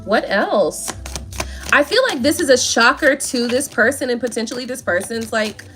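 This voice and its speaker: A woman's voice: fairly high pitch, expressive, normal speed, sharp tone, slight background noise. A woman giving a casual tarot reading, sassy and playful, full of slang and asides. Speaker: tarot reader.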